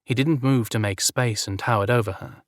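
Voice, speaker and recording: A man reading a romance story aloud as narrator in an even, measured way. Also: mid-range voice, dry recording, clean studio sound.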